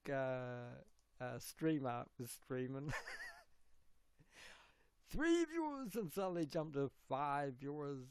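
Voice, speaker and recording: A man with an Australian accent hosting a casual livestream chat, rambling and giggling, now and then breaking into loud put-on voices. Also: fairly high pitch, lively intonation, takes it slowly, pauses often, smooth, dry recording. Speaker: livestream host.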